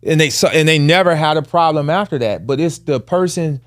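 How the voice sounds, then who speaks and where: A man's voice: on the high side, a little fast, no room sound, studio quality. A man in his forties, a podcast co-host, telling a personal family story in casual with earnest emphasis. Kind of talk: candid conversational storytelling.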